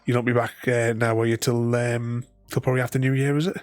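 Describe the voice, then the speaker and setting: A man's voice: medium pitch, little pitch movement, quick pace, a little mellow. A man streaming a game, chatting casually with viewers in a rambling, chuckly way. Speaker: gaming streamer. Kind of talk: casual live-stream commentary. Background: faint game music.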